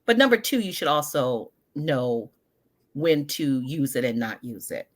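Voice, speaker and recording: A woman in her sixties answering interview questions in a thoughtful, expressive, emphatic way. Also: rumbling low, unhurried. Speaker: guest, social media word educator. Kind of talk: conversational interview.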